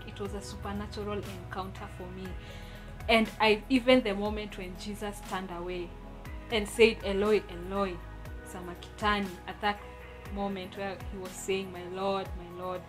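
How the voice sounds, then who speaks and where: A young woman sharing a personal testimony, telling her story earnestly and with deep emotion. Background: music.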